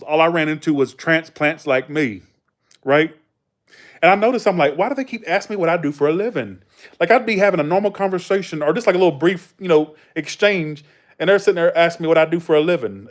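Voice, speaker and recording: An American man hosting a livestream in a casual chat, rambling through anecdotes with lots of fillers. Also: a little high. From United States. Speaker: livestream host.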